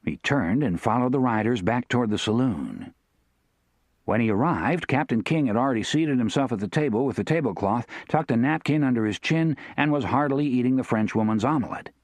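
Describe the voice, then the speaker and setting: A man's voice: medium pitch, brisk, dry recording. Man narrating a western audiobook. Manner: steady, expressive storytelling.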